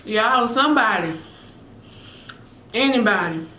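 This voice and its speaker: Playful woman mukbang host, fairly high voice, slow unhurried delivery, roomy off-mic sound. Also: fairly bright tone, far from the mic, a little hiss or hum. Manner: playful, teasing, talks while chewing with lots of mm sounds. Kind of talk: casual eating vlog chat.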